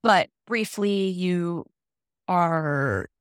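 A woman's voice: fairly low pitch, drawn-out words, no room sound, clean studio sound. Chatty young woman recapping a book. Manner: chatty, animated storytelling, lots of "like". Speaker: podcast co-host explaining fantasy books. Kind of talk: casual chat.

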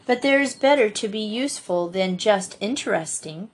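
A woman's voice: mid-range voice, expressive, normal speed, husky. This is a dreamy young girl from a storybook, dramatic and plaintive in her speech, played by a woman reading aloud. Her voice lifts slightly above the narration. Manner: wistful, plaintive. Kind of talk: audiobook reading.

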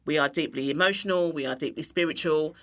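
A woman with a low voice and a bright, forceful edge to it. She chats loosely in an interview, full of "um" and "you know". She breaks into laughter now and then. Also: fast. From England. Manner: expressive, bursts of laughter, many fillers. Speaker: interview guest, cooking teacher. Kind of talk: casual chat.

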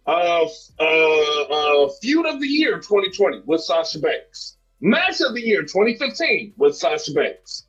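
A man's voice: on the high side, very animated, measured pace, few pauses, a bit bright, slightly rough, soft background music. A man in a podcast debate giving a mock-formal rebuttal, theatrical and pleading, stammering at times. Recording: dull lo-fi sound.

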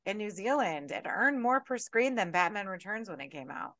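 A woman co-hosting a horror film podcast, talking casually with lively, profane rants. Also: mid-range voice, normal speed, no room sound. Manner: animated, profane, ranting. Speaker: podcast co-host.

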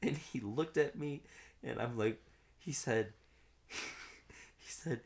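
Profane, animated storytelling man. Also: medium pitch, unhurried, long pauses. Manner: animated, profane, laughs through punchlines. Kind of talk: casual storytelling among friends.

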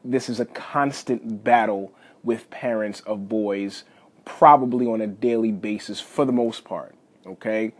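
A man in his thirties hosting a podcast, casually telling a family story in a folksy, animated way and talking straight to his listeners. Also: lowish voice, measured pace. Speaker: podcast host.

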